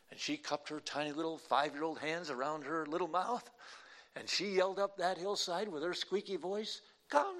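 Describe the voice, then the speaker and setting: A male pastor preaching a sermon, telling a folksy story and then preaching slowly and emphatically with deliberate pauses. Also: a little high, fairly bright tone. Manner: folksy anecdotal delivery.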